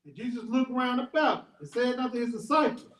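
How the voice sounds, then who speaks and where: A man reading the King James Bible aloud at a steady, measured pace. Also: extremely high pitch. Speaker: scripture reader. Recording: echoey, recorded from a distance.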